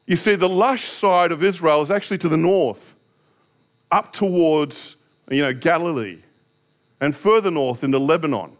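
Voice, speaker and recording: A man preaching a sermon in a fairly high voice. He tells stories against himself with candor and keeps turning to his listeners with rhetorical questions. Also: moderate pace. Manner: candid, self-deprecating storytelling with rhetorical questions. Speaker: pastor.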